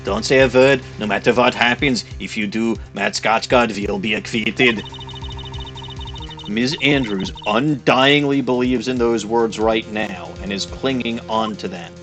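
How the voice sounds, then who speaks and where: A man voicing a cool, composed male prosecutor who lectures calmly. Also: mid-range voice, a little slow, few pauses, music in the background, close to an everyday voice. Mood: cool, lecturing.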